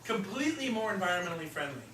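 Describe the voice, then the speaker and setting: A middle-aged man speaking as a real estate trainer, telling stories in an animated way and acting out the voices he quotes. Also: high voice, rapid-fire, a crowd in the background. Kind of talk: storytelling seminar talk. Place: seminar room. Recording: echoey room, mic far off, noisy.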